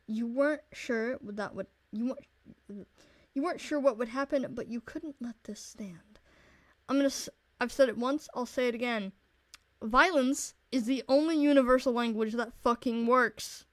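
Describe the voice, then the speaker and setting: A young woman streamer narrating a visual novel aloud, blunt and quick to swear. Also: a little high, no echo.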